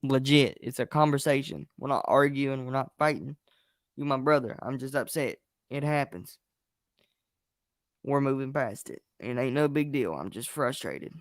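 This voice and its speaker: A young man hosts a wrestling review show, venting and sharing opinions frankly with blunt emphasis in casual chat. His medium-pitched voice moves at a moderate pace, recorded with studio quality and no room sound.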